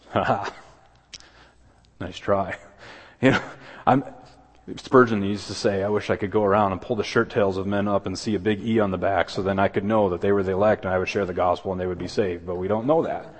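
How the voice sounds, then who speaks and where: A man preaching a sermon as pastor, earnest, with quick asides and objections voiced in a higher pitch. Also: slightly rough. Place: church sanctuary. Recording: long hall reverb.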